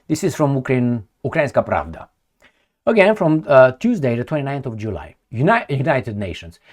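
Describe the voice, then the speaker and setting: A man from Romania giving a casual commentary monologue, profane and animated, acting out little exchanges as he goes. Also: on the high side. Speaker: political commentator.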